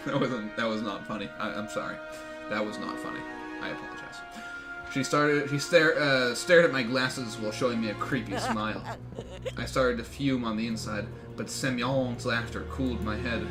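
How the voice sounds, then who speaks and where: A man streaming a game, reading its story text aloud in an excitable way, often swearing and laughing. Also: mid-range voice, moderate pace, music in the background.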